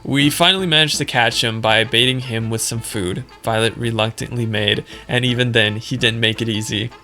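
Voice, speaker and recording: A man's voice: mid-range voice, fairly even intonation, normal speed, bright, forceful tone, faint music behind. A young man narrating a game let's play, laughing often and mocking his own reading. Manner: giggly, self-mocking. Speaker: gaming video creator.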